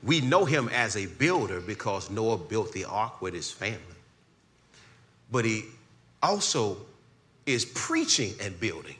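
A man preaching, his bright voice swinging widely in pitch. He moves from steady scripture reading to fervent, shouted peaks. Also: a little slow. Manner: builds to shouting climaxes, call-and-response. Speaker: pastor. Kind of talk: sermon.

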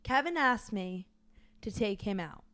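A woman's voice: medium pitch, animated, measured pace, a bit bright, no echo. A woman interviewing her son, talking eagerly and prompting him with short questions as she retells a story. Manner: acts out voices while retelling. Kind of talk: casual storytelling chat.

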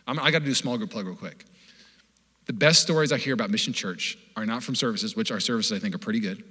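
A young man from Washington state preaching a sermon as pastor, animated and joking in a conversational way. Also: medium pitch. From Washington state, USA. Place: church hall. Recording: long hall reverb.

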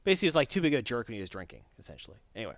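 Animated man rambling through a story recap. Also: medium pitch, rapid-fire, dry recording, highs cut off. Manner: animated, rambling, self-correcting.

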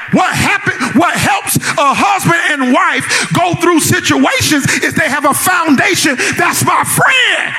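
High-voiced preacher man, bright and lively. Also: a little hiss or hum. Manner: playful storytelling, builds to shouted preaching. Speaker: pastor. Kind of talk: sermon.

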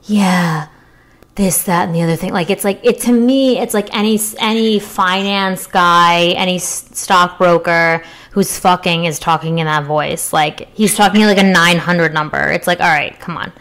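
A woman's voice: on the low side, steady tone, normal speed, hardly any pauses, fairly bright tone. A young woman co-hosting a casual chat show, talking frankly with lots of fillers and jokes. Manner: chatty, filler-heavy, frank and joking.

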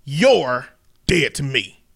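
A man voicing a furious, hateful racist country father yelling over text messages. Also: mid-range voice, sing-song, slow pace, creaky, husky, voice pushed down, heavily acted. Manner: loud, spitting, hateful. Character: racist country white father, middle-aged, furious and cruel.

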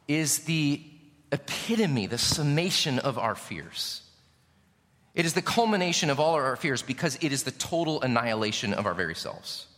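Male pastor, sermon, emphatic, bright forceful tone, long church reverb. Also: mid-range voice. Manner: emphatic, swings from loud to hushed.

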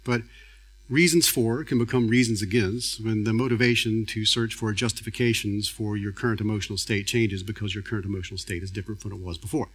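A man's voice: on the low side, steady tone, fast talker, fairly bright tone, breathy edge. A man giving a public lecture as a science journalist, conversational and acting out quoted speech.

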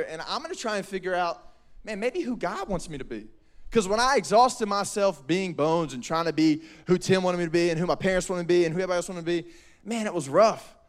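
High-voiced, animated youth pastor. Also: male voice, fast. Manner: energetic, slangy, acts out voices. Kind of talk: youth sermon.

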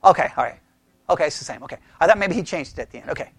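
A man leading a casual Bible study, thinking aloud with restarts and animated questions to the group. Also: on the high side, rapid-fire, vocal fry, slightly rough, no room sound.

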